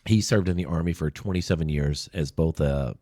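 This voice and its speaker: With a rumbling low voice and a dark tone, this man speaks briskly as an interview guest on a podcast, a veteran advocate sharing heartfelt stories. He is earnest and openly emotional, quoting other people's voices as he tells them in a conversational way. The recording, made in a small room, has no room sound.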